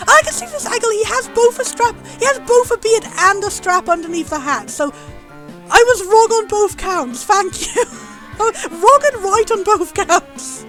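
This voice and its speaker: Bubbly high-voiced woman streamer. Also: unhurried, soft background music, rough recording. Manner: bubbly, gushing, easily excited. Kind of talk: live gameplay commentary.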